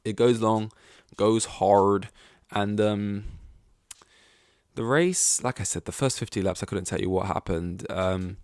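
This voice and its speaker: A man's voice: on the low side, a little slow, darkish tone, clear, resonant tone, no echo. A man hosting a podcast in casual chat, rambling with lots of fillers and swearing. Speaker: podcast host.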